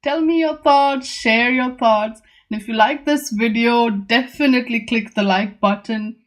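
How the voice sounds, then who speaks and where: Chatty woman musing over tarot cards. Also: fairly high pitch. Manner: musing, chatty, acts out the figures on the cards in quick asides. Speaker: tarot teacher and channel host. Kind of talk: casual talk-through of tarot cards.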